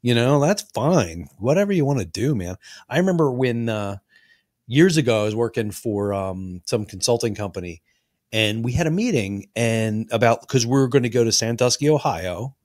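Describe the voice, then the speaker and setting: A man tells a rambling, profane story on a podcast, acting out every quote along the way. His voice sits at an ordinary pitch. The sound is dry and close. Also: animated, moderate pace, darkish tone, dry recording. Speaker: podcast co-host. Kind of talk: casual storytelling.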